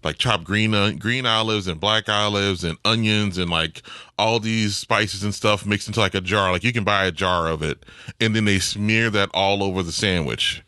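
A man's voice: lowish voice, normal speed, sharp tone, clean tone, no room sound, studio quality. A man co-hosting a casual chat, talking animatedly and laughing while he eats. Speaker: podcast co-host.

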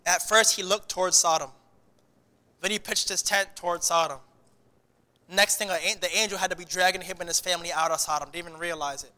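A male pastor delivers an animated sermon in a high, bright voice, often stumbling and restarting mid-phrase. His words ring out with the long reverb of a church hall. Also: a little fast. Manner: animated preaching with many restarts.

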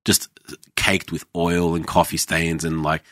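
A man's voice: low-pitched, little pitch movement, a little slow, a bit bright, no room sound, studio quality. A man in his thirties, a former chef, telling blunt, sweary stories in casual podcast chat and acting out other people's lines. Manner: sweary storytelling, acts out quoted voices.

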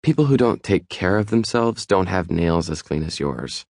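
A man voicing a sharp, observant young woman who questions bluntly in audiobook dialogue. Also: sits low, lively intonation, creaky, dry recording, clean studio sound, full character voice. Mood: probing. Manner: brisk, deductive questioning.

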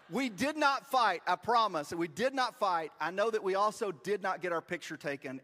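Preacher, man in his forties, animated storyteller with a slightly high voice, long church reverb. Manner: storytelling, self-deprecating and animated. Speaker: pastor. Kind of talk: sermon. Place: church sanctuary.

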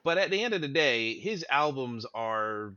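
A man's voice: medium pitch, big pitch swings, normal speed, sharp tone, no room sound, lo-fi sound. A man in casual chat, joking and opinionated, laughing a lot.

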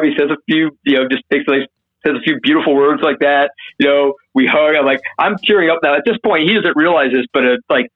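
A man telling a wild story as an interview guest, casual and profane, acting out what people said in a higher voice. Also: narrow, tinny audio. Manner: animated, profane, acts out quotes in a higher voice.

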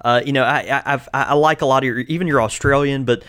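A man's voice: medium pitch, fairly even intonation, fast, a bit bright, clean tone. A man from Mississippi, co-hosting a podcast in easygoing, teasing casual chat. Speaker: podcast co-host.

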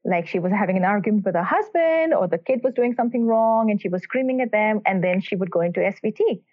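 Answering podcast interview questions, a woman cardiac electrophysiologist speaks fast and animatedly at medium pitch. Her answers are earnest and emphatic and include stories about her patients, and the recording sounds tinny, like a phone call.

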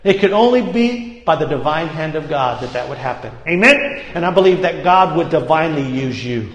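A man with a high, bright voice preaches in a church hall, telling a story with lively acted-out quotes and calling for amens. His voice rings through the room and trails off in a long echo. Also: moderate pace. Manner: animated, acts out quotes, calls for amens. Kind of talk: sermon storytelling. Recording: echoey hall, long reverb.

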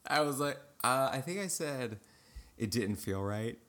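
Animated man telling stories. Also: mid-range voice, measured pace. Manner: storytelling, animated, laughs often. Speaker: podcast co-host. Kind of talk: casual chat.

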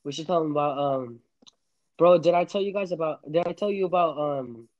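A man's voice: a little high, a little fast, a little mellow, dull audio. A young man hosting a casual podcast chat, rambling and laughing with many restarts. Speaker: podcast host.

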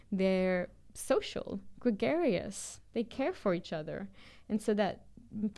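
A woman's voice: lowish voice, a little mellow. Woman thoughtfully summarizing an argument. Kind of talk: casual academic discussion.

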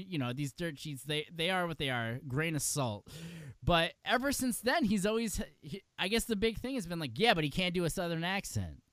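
A man's voice: high-pitched, fairly bright tone, clear, resonant tone, dry recording. A man co-hosting a podcast in casual chat, talking in a rambling way with many fillers and laughs. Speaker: podcast co-host.

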